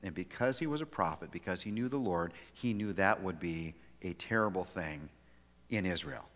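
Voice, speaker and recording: A man's voice: deep voice, normal speed. Man preaching a sermon in a church. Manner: animated storytelling with frequent restarts. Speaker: pastor. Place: church sanctuary. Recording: long hall reverb.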